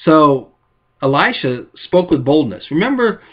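A man preaching a sermon as pastor, telling stories and acting out quotes with lively emphasis. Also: on the high side, unhurried, highs cut off.

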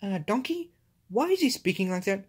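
A woman's voice: mid-range voice, sing-song, normal speed, darkish tone, husky. A woman voicing a grumpy, rude male green ogre, sighing and grumbling in home toy play-acting.

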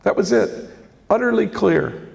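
Older priest, slow and gravelly, gentle storyteller, long hall reverb. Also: male voice, sits high. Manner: gentle, reflective storytelling with quoted dialogue. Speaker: priest giving a talk. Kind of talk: storytelling lecture on faith. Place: large lecture hall.

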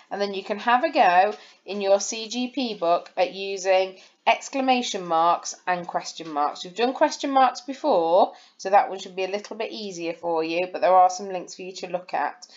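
With the highs cut off, a woman of medium pitch talks at a normal speed, giving a recorded lesson over slides. She's a primary school teacher, explaining patiently and in steps for young children.

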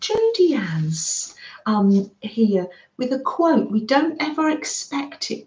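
A British woman hosting a live craft stream, warmly welcoming viewers by name and chatting as she works. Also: on the high side, very animated, takes it slowly, echoey room, rough recording. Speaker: craft livestream host.

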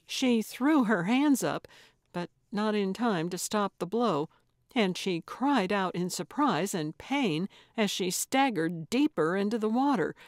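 A woman narrating a cozy mystery audiobook in a measured, storytelling manner. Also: mid-range voice, no room sound, studio quality. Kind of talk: scripted narration.

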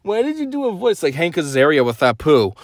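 A man's voice: fairly high pitch, huge pitch swings, brisk, no room sound, clean studio sound. A man putting on a whining voice to mock an outraged critic. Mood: whiny. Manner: whining, mocking.

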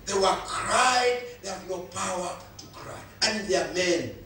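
A man's voice: high-pitched, measured pace, sharp tone, a little hiss or hum. A male pastor, preaching a sermon with emphatic repetition. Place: church hall. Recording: echoey hall, voice from far off.

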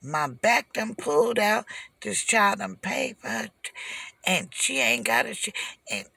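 Older lady ranting from her car on a phone, high lively voice, slow and gravelly. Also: no room sound. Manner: animated, repetitive, swings from shouting to whispering. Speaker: delivery driver. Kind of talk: ranting vlog. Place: parked car in a driveway.

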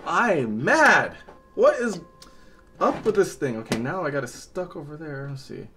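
A man's voice: on the high side, big pitch swings, normal speed, a bit bright, a little hiss or hum. A man talking through a toy unboxing to viewers, exasperated and jumpy, breaking into laughter. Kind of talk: casual unboxing commentary.

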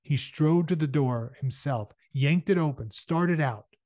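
A man's voice: on the high side, unhurried, mellow, no room sound. A man reading a novel aloud chapter by chapter, breaking in now and then with casual explanations for his listeners. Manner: casual explanatory asides between passages. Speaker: audiobook reader.

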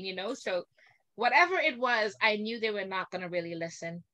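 An older woman, a guest on a video call, telling an indignant story with animated, acted-out quotes. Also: a little high, a little fast.

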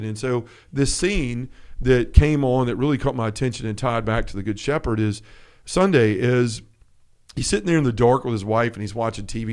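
A man co-hosting a faith podcast in a relaxed chat. He tells a story with energy and acts out the quotes. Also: medium pitch. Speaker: podcast co-host.

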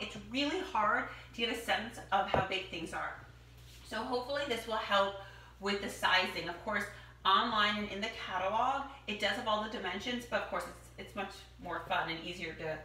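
A woman's voice: medium pitch, a little fast, sharp tone. A woman chatting enthusiastically as she shows off home decor products one by one. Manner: enthusiastic, chatty, gushing over items. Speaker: product demonstrator. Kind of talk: casual product showcase. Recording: echoey room, distant mic, noisy.

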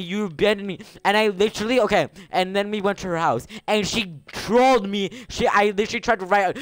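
Teen male streamer, excitable banter, clean and resonant tone. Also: high voice, fast talker, hardly any pauses, clear, resonant tone, no room sound. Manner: excitable, gasping, bantering with chat. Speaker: game streamer. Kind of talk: live gaming stream chat.

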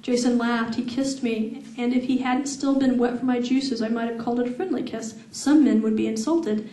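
A woman author reading her novel aloud at a live event, steady with laughing asides. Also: fairly high pitch, normal speed, distant mic. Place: event room with audience. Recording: echoey event room.

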